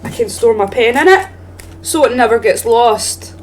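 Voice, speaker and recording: Over slight background noise, a woman with a slightly high, animated voice streams a game at a moderate pace. Her let's-play commentary is playful and chatty, full of giggles and self-mockery.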